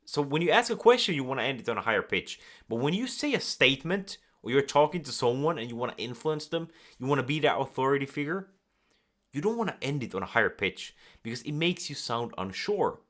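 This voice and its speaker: Animated man giving coaching advice. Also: mid-range voice, brisk. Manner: animated, acts out nervous and calm examples. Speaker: communication coach. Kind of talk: direct-to-camera coaching talk.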